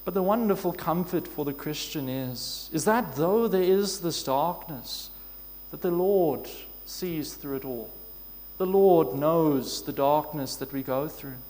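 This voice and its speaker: A man preaching a sermon in an earnest, measured way, asking his listeners questions. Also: fairly high pitch, darkish tone. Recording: long hall reverb.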